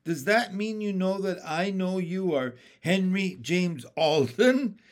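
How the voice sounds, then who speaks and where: A man reading aloud, voicing a kind, generous grandfather who speaks gently. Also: high voice, lively intonation, slow pace, voice pushed up. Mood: gentle. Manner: gentle, smiling.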